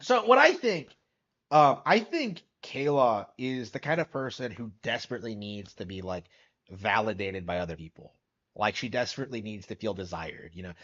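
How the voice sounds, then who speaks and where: A man's voice: lowish voice, expressive, normal speed, fairly bright tone, lo-fi sound. A man reacting on a live stream, skeptical and incredulous, rambling with lots of fillers.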